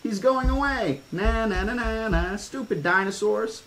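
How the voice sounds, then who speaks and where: A man voicing a frightened, whiny young girl with high wailing squeals in a storybook reading. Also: lively intonation, a little slow, fairly bright tone. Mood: gleeful.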